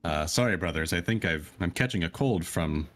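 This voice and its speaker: A man's voice: low voice, lively intonation, moderate pace, a bit bright. A man playing a tabletop character, speaking in a subdued, apologetic way. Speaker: player.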